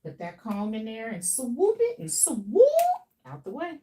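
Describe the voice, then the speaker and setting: A woman's voice: fairly high pitch, wildly swooping pitch, unhurried, warm tone, recorded from a distance. A woman who styles hair on a live stream, chatting playfully with viewers as she works. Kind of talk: live stream chat while styling hair. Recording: off-mic with faint background noise.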